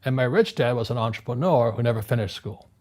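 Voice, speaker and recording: A man in his seventies from Hawaii, a guest in an interview, telling animated stories with frequent restarts and repeated words. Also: medium pitch, fast. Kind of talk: storytelling conversation. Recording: music playing underneath.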